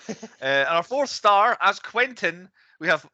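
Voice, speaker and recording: A man in his late thirties chats on a film podcast, rattling off facts with little hedges and chuckles. His voice is bright and fairly high, swooping up and down a lot. The audio is dry but dull and lo-fi. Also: big pitch swings, normal speed, dry recording. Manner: reads facts with hedging asides, chuckling. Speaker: podcast co-host presenting the film's cast. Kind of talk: casual film-podcast chat.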